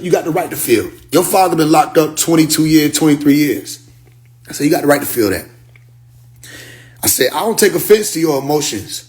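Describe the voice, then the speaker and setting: A man telling a story on a phone livestream in a casual, emphatic rant, sometimes muttering to himself. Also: on the high side. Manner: emphatic, drops to muttering while searching his phone. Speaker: livestream host.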